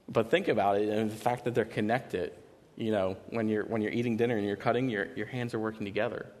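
A man preaching a conversational sermon, telling a story informally with many "you know" fillers and restarts. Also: on the low side. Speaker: pastor. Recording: long reverb of a large hall.

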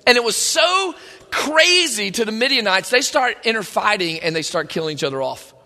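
A man preaching a sermon, retelling a story in an animated, conversational way. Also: high-pitched, normal speed. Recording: long hall reverb.

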